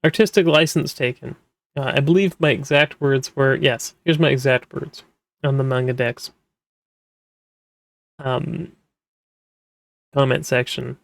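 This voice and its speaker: A man talks casually, rambling and restarting often, his voice sitting at an ordinary middle pitch. The sound is dry and close, with no room echo. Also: a little slow, creaky, pauses often. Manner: rambling, with many fillers and restarts. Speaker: manga translator, podcast host. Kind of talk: casual explanatory talk.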